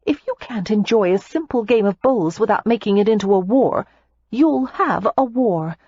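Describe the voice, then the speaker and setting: A woman narrator voicing a spirited, quick-tempered young American heiress, speaking breezily and indignantly. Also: medium pitch, animated, dark tone, slightly rough, dry recording, highs cut off, pitched above the performer's own voice.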